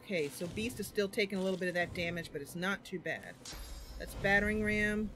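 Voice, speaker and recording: A woman's voice: medium pitch, a little fast, fairly bright tone, faint music behind. A woman streaming a video game, thinking aloud over her moves and breaking into sudden cries when things go wrong. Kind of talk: livestream game commentary.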